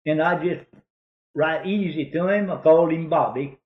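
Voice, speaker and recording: A man's voice: on the high side, fairly even intonation, normal speed, reverberant, muffled recording. Drawling man spinning a yarn. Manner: drawling, rambling, folksy. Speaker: storyteller. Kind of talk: folksy hunting yarn.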